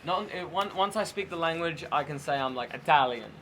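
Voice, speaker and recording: A man's voice: on the high side, animated, a little fast, a loud crowd. A man co-hosting a podcast in casual chat, easygoing and agreeable, often chiming in.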